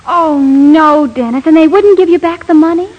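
A woman playing a sweet young girlfriend in a 1940s radio comedy, gentle and a little exasperated. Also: sits high, normal speed, lo-fi sound, natural voice. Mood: fretful.

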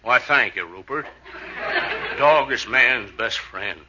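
An actor playing a stuffy, self-important veterinarian who slips into dog yelps in a vintage radio comedy. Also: male voice, medium pitch, slow pace, close to an everyday voice. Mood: pompous. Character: pompous veterinarian turning doglike. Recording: muffled hissy old radio recording.

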